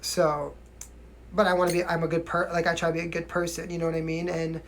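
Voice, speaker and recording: A man's voice: a little high, completely flat delivery, fast, fairly bright tone, a little hiss or hum. A young man from New York with a mild New York accent, chatting casually on a livestream as a singer answering viewer questions, often asking "you know what I mean" and laughing.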